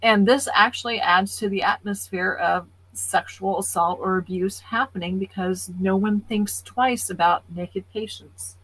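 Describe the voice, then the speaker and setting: A woman co-hosting a podcast, explaining her points in an earnest, measured way. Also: medium pitch, a bit bright, slightly rough, no echo, poor audio. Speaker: podcast co-host. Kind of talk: casual podcast talk.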